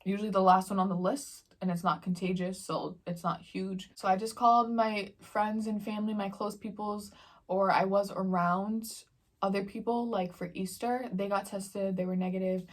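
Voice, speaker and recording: A woman's voice: mid-range voice, steady tone, normal speed. A young woman vlogger chatting casually in slangy storytelling while she eats on camera. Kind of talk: casual mukbang Q&A chat.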